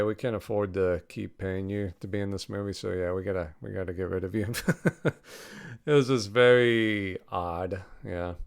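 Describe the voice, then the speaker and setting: Young male host, low clear voice, loose offhand rambling review with casual swearing. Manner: rambling and offhand, swears freely, chuckles often. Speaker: podcast host reviewing a film.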